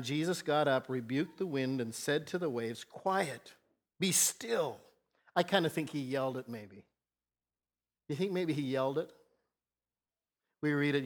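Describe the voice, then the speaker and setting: Male pastor, higher voice, earnest storytelling sermon, drops soft then rises for emphasis.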